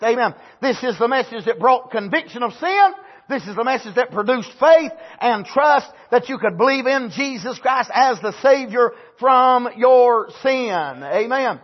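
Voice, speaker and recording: A man preaches a sermon in a high, husky voice. He leans on every point with "amen," climbing to near-shouted emphasis before settling into quiet teaching. The church recording sounds dull and lo-fi. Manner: emphatic, punctuates phrases with "amen"; swings from raised, near-shouted emphasis to low, quiet explanation.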